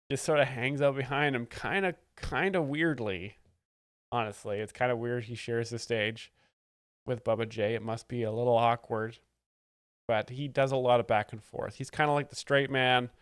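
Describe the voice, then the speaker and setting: A man's voice: mid-range voice, fairly bright tone, no echo, studio quality. A man hosting a live stream, explaining stand-up jokes in a sarcastic, mock-expert tone. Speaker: comedy stream host. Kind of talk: casual live-stream commentary.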